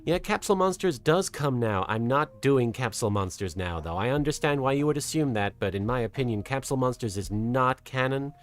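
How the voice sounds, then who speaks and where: A soft-spoken streamer with an English accent drifting toward American, chatting casually with a live chat and working toward a lighter, more feminine voice placement. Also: mid-range voice, expressive, fairly quick, hardly any pauses, soft background music. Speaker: streamer and host. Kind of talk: casual livestream chat, reading out chat.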